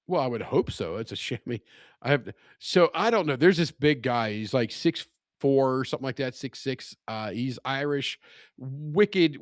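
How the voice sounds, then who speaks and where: A man's voice: medium pitch, dry recording, studio quality. Laughing, teasing podcast co-host man. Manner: laughing, teasing, rambling with restarts. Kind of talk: casual chat.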